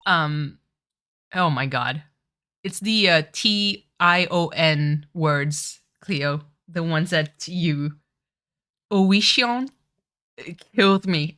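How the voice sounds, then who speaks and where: A woman's voice: on the low side, expressive, very slow, long pauses, bright, forceful tone. A woman streamer, chatting casually over a game, giggling and correcting herself often. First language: French. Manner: giggly, apologetic, self-correcting. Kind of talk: casual let's-play commentary.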